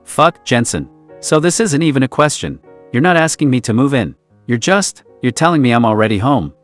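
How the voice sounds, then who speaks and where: A man's voice: medium pitch, big pitch swings, moderate pace, lightly acted. Guy doing emotional young boyfriend voice, raw and earnest, swears a lot, faint music under it. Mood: stunned. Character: young man, vulnerable, devoted lover.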